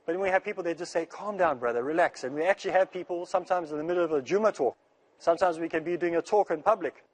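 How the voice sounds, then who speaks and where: A man giving an earnest religious lecture in a rushing, rapid delivery, repeating phrases to make his point. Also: high-pitched. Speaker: Islamic speaker.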